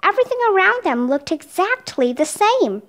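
High, lively woman reading a story. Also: normal speed. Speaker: storybook reader. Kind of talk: children's book read aloud.

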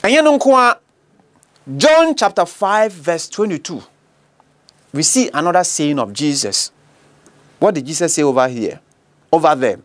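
Emphatic Ghanaian man preaching with lively pitch. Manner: emphatic, slow and deliberate, with rhetorical questions. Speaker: preacher and apologist. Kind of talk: bilingual teaching sermon.

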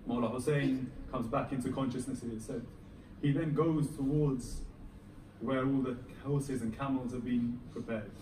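A man's voice: medium pitch, fairly even intonation, normal speed, darkish tone, slight background noise. A man giving an emotional Muharram sermon, telling the story with dramatic rises and falls in intensity. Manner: dramatic, rising and falling intensity. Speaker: Muharram lecturer. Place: mosque hall. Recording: echoey hall, recorded from far off, faint ambience.

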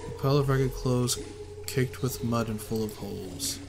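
A man's voice: medium pitch, moderate pace, creaky, over music. Casual man narrating a game playthrough. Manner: casual, muttering, bursts into exasperated ranting. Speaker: gaming video host. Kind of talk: let's play commentary, reading game text aloud.

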